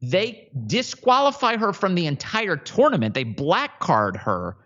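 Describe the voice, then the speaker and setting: A man's voice: high-pitched, wildly swooping pitch, measured pace, sharp tone, highs cut off. A man hosting a political commentary show, talking in a sarcastic, mocking, emphatic way. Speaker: host.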